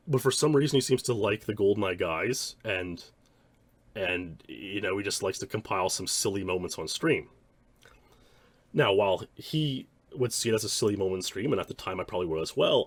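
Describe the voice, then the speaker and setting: Man, low husky voice, dry close sound, rambling reflective commentary, lots of fillers. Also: dry recording. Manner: rambling, many restarts and "like" fillers. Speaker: speedrunner reviewing his past streams.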